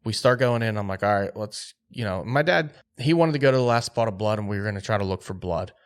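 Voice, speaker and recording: A man telling a hunting story on a podcast, animated and acting out quotes. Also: lowish voice, fast talker, smooth. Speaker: podcast host.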